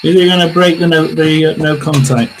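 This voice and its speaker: A man hosting a casual livestream tarot reading, talking to viewers in a rambling, chatty way with lots of fillers and throat clearing. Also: on the high side, steady tone, fairly quick, a little hiss or hum. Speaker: tarot reader and livestream host.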